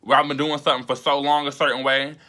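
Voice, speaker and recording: A man's voice: medium pitch, little pitch movement, fast talker, bright, forceful tone. A young man talking straight to camera in a casual vlog, emphatic and profane, often rising into exasperated rants. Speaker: YouTuber host.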